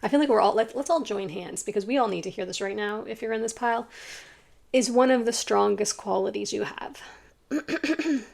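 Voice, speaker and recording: A young adult woman giving a casual, effusive tarot card reading to her viewers, full of "like"s and quick laughs. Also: a little high, gravelly, darkish tone. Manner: chatty and effusive, many "like"s, quick laughs, acts out imagined people.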